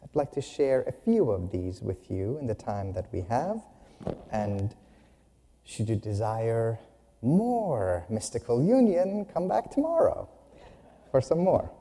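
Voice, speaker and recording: Male speaker, unhurried humorous storyteller, lively pitch, reverberant hall. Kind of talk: spiritual talk with storytelling.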